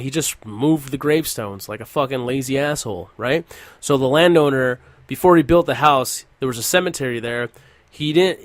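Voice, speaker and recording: Young guy on a podcast mic, swears constantly, laughs a lot, kinda high voice, dead dry sound. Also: no echo. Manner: profane, laughing storyteller. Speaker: podcast host. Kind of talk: casual podcast chat.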